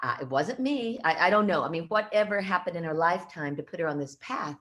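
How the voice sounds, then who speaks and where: She's a middle-aged woman co-hosting a radio chat, with a voice that sits a little low. She tells rambling everyday stories and laughs easily as she goes. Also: lively intonation, fast talker, a bit bright. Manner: chatty storytelling, laughs often. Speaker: radio co-host. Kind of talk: casual chat.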